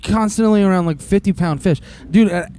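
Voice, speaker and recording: Mellow-voiced man in a playful chat. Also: high-pitched, a little fast. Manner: laid-back, swearing, playful. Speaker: friend listening and reacting. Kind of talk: casual chat.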